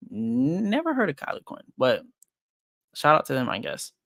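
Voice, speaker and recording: A man's voice: mid-range voice, huge pitch swings, moderate pace, creaky, pauses often, a bit bright, dry recording, clean studio sound. Rambling young man streaming casually. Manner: loose and rambling, thinks aloud with many fillers and restarts; frank and self-deprecating. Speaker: crypto trading livestream host. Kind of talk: casual livestream chat, reading viewer comments.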